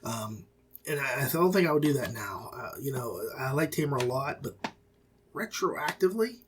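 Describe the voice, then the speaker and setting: A man's voice: mid-range voice, slightly rough. A middle-aged man hosting an audiobook review podcast, talking in a rambling, folksy, self-correcting way. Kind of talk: casual review monologue.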